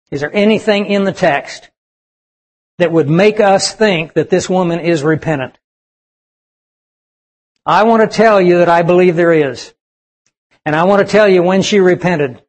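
A man's voice: high voice, measured pace, pauses often. A man preaching a sermon to young people, emphatic and asking the audience questions. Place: church service with audience.

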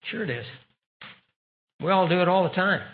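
High-voiced man preaching a sermon. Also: lively intonation, moderate pace. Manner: emphatic, rhetorical questions to the audience. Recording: dull lo-fi recording.

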